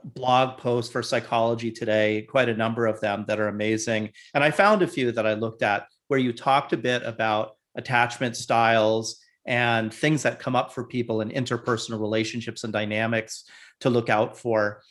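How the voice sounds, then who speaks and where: A man's voice: medium pitch, fairly even intonation, normal speed, a bit bright. A man hosting an interview, affirming his guest and posing long, detailed questions. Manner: friendly, affirming listener who poses long questions. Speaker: interview host.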